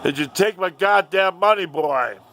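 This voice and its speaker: A man playing a menacing, foul-mouthed armed father who is gruff and blunt, in a told story. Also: sits high, moderate pace, bright, forceful tone, voice pushed up. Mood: threatening.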